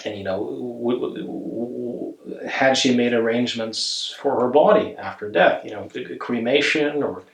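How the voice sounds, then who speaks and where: A man's voice: mid-range voice, unhurried, vocal fry, hardly any pauses. A male therapist telling a story in an interview, stammering with repeated words and acting out quoted lines. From Norway. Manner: stammering repetitions, animated quoting. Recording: roomy echo.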